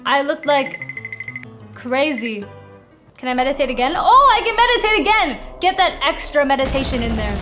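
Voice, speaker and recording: A young woman playing a video game, excitedly commenting and reading the game's lines aloud to her viewers. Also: high voice, normal speed. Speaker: gaming video host. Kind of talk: playful gameplay commentary. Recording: game music playing behind voice. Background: game music.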